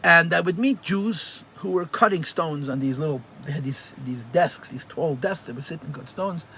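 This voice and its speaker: A man, a rabbi, teaching a live religious class and telling stories in an animated way, often repeating phrases for emphasis. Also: a little high, normal speed, slight background noise.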